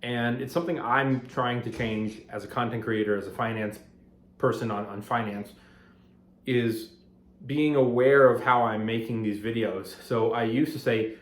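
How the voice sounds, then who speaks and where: A man's voice: medium pitch, fairly even intonation, normal speed. A man who makes finance videos, talking at home in a rambling, conversational way that grows heated and emphatic. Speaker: finance content creator. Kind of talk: casual talking-head vlog. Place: apartment at home. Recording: roomy echo of a home room.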